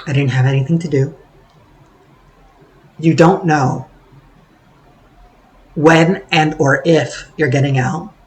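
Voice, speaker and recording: A man's voice: a little high, low-quality recording. A man talking in a casual vlog monologue, sarcastic and swearing freely, rambling with plenty of fillers. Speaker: vlogger.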